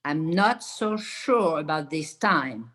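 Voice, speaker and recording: Low, slow woman student repeating phrases. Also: animated, a bit bright. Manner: careful, deliberate repetition. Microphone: video call.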